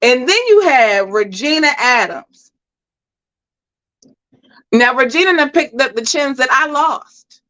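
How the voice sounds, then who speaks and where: A woman hosting a livestream, giving animated, emphatic commentary and talking straight to her chat. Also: high voice, slow pace, long pauses, rough recording. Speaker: host.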